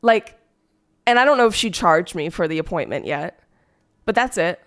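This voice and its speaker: A woman's voice: lowish voice, lively intonation, moderate pace. A woman streamer who is sick, telling a story in a rambling, exasperated way with lots of fillers. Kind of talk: casual storytime chat.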